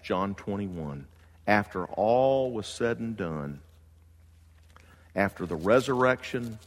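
A man preaching a sermon in a church, telling a story with lively excitement that drops to slow, hushed earnestness. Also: fairly low pitch, long reverb tail. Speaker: pastor.

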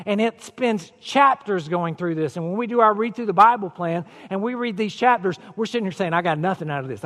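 A man delivers a sermon in a relaxed, conversational way that climbs into emphatic declarations. His voice sits very high for a man. The sound carries the long reverb of a large church sanctuary. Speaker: pastor.

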